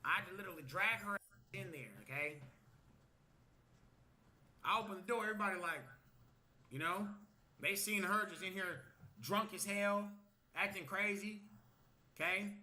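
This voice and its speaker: On a livestream, a man tells a story in a loose, casual way, swearing, acting out what people said, and ending lines with "okay?" His voice sits high and sounds pushed and bright, at a moderate pace with frequent pauses.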